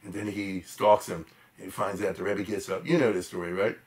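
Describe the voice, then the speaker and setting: Animated man giving a chatty lecture. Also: low voice, fairly quick. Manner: animated and emphatic, with chatty asides to the audience. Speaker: lecturer on history. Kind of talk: informal storytelling lecture.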